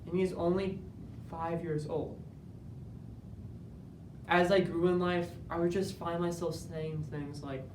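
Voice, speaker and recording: A man giving an earnest, measured dramatic interpretation performance that builds to moments of intense emphasis. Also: little pitch movement. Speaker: speech competitor. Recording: roomy, distant, faint rumble.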